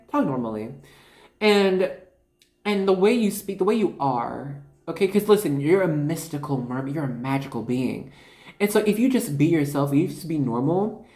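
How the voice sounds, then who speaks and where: A woman giving an intuitive card reading to viewers, chatty and excitable, often trailing off and correcting herself mid-thought. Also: sits low. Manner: addresses viewers casually as y'all. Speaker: tarot reader. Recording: echoey room with faint music.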